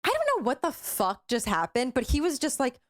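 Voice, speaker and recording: A young woman co-hosting a podcast, telling a story casually, animated and full of fillers, acting out what people said. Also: sits high, fairly quick. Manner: animated, acts out quoted voices, filler-heavy. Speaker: podcast co-host.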